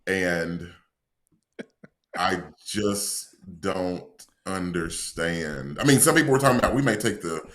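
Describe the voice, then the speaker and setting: Slow, low-voiced man with dry humor. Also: a bit bright. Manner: dry, wry, exasperated storytelling. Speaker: podcast co-host. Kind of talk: casual sports podcast chat.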